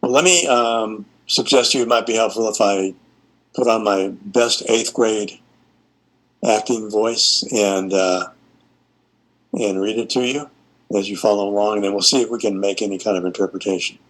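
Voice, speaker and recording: A man giving a university lecture over a video call, speaking in a measured way with frequent fillers. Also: lowish voice, fairly even intonation, a bit bright, rough recording. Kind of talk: online class lecture.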